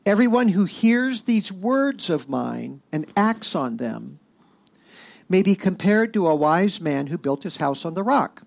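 A male pastor delivers a sermon in a fairly high voice with a gravelly edge. He presses his points emphatically and lifts his voice when reading scripture. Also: darkish tone.

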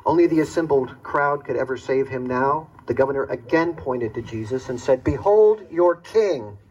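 A man's voice: medium pitch, a little fast, dull audio, slight background noise. A man delivering a first-person dramatic monologue as a Roman soldier, earnest and reflective in his storytelling.

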